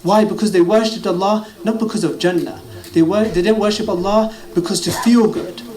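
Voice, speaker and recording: A man's voice: high-pitched, fairly even intonation, a little fast, a little mellow. A man with a British accent preaching a sermon, quoting Arabic narrations and translating them into English. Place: mosque gathering hall. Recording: echoey hall with faint ambient noise.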